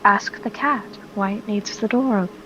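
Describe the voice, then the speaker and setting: A woman's voice: mid-range voice, normal speed, dull audio, noisy background. A woman playing a tabletop game, direct and playful. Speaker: player. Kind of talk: casual tabletop game play.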